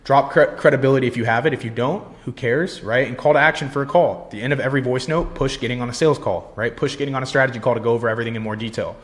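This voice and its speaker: A man's voice: mid-range voice, racing, hardly any pauses. A young man giving a casual sales lesson, blunt and confident, swearing freely and tagging lines with "right?". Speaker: sales coach. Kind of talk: casual instructional talk.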